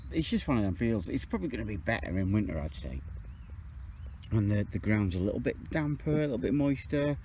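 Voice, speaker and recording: A chatty man narrates his metal detecting from an open field. His pitch swings widely and leaps up when he gets excited. Faint outdoor noise sits behind him. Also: a little fast. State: out of breath. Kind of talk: casual outdoor commentary to camera.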